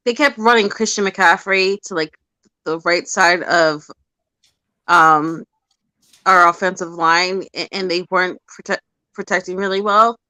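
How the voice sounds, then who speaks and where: A woman's voice: lowish voice, sharp tone, dry recording. A woman co-hosting a casual sports chat, giving heated, long-winded takes on the game. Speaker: podcast co-host.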